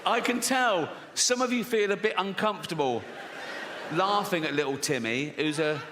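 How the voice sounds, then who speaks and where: A middle-aged stand-up comedian performs before a theater audience, his pitch high and his voice pushed and bright, speaking animatedly at normal speed. His delivery is a profane, mock-outraged rant, caught live with long hall reverb and background noise.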